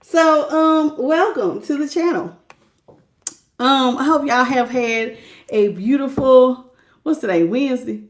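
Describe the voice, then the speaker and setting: Woman, high voice, tarot reader on a live stream, folksy and chatty, greets viewers by name. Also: takes it slowly. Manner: casual, folksy talk.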